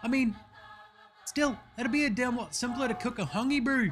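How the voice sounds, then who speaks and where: A man's voice: extremely high pitch, normal speed, a bit bright, faint music behind, voice pushed up. A man voicing a laid-back young New Zealand basketball player with a drawling New Zealand accent who says bro and eh constantly. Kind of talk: comedy sketch.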